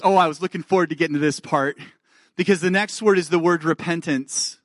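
A man's voice: fairly high pitch, fairly even intonation, fast talker, no echo, studio quality. A male pastor preaching a sermon, earnestly checking in with his listeners, reading scripture aloud with rising fervor and dropping into self-deprecating asides.

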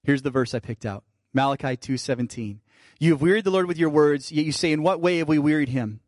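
Guy pastor preaching, kinda high voice, dry close sound, goes intense then quiet. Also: fast, no room sound. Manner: preaching with rising fervor, then dropping to soft intimate tones. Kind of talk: sermon.

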